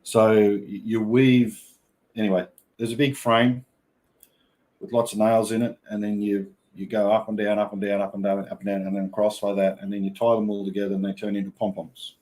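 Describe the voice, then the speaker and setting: A man's voice: fairly low pitch, flat delivery, brisk, darkish tone. An Australian man with an Australian accent hosting a livestream, chatting casually in rambling, joking banter. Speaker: livestream host.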